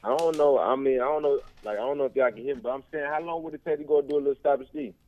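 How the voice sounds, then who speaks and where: A man's voice: medium pitch, very fast. A man from Tennessee with a Southern accent, calling in to a show and repeating his question in a laid-back drawl. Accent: Southern American. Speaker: caller. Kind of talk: phone-in call. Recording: tinny phone line.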